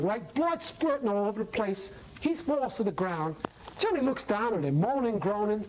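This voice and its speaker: A woman's voice: medium pitch, slight background noise, poor audio. A woman telling a first-person story as a monologue, streetwise and conversational, often dropping to a whisper.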